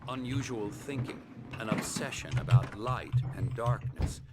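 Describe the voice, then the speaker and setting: An actor playing a calm, condescending middle-aged psychiatrist in a video game, speaking in a soothing, measured way. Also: male voice, medium pitch, very noisy, close to an everyday voice. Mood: calm persuasive.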